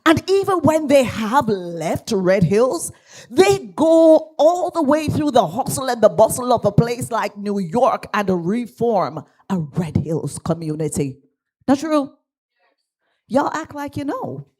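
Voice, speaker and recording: A Jamaican woman pastor, appearing as a guest speaker, gives a lively, animated speech at an awards ceremony in a church hall. Her voice is on the high side and slow, and she engages the audience by asking for call and response.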